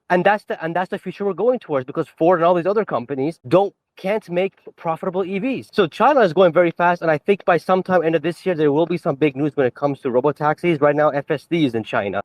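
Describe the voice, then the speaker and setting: A man's voice: on the high side, no room sound. A man hosting a live audio chat, talking casually and rambling with many restarts.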